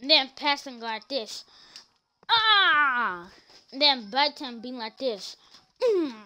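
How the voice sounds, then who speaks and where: While playing a game on stream, a woman chats casually and spins rambling, animated stories. Her voice sits high at a normal pace, with a little hiss or hum in the background.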